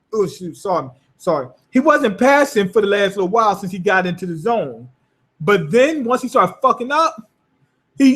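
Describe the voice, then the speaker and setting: A man recapping an anime episode in a loose, rambling, profane way. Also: very high voice. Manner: profane, rambling, animated retelling. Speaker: anime reviewer.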